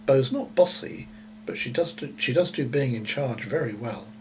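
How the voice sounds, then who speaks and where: A man voicing an eager, good-natured young girl in a storybook reading, pitching his voice up. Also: lively intonation, normal speed, over music, lightly acted, rough recording. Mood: fond. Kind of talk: storybook character voice.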